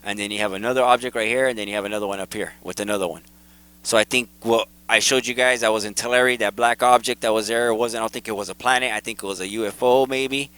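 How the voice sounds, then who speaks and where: A man hosting his own video, casually and excitedly talking viewers through photos and repeating himself as he points things out. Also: fairly low pitch, fast, clean tone, poor audio. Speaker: video host. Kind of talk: casual commentary over photos.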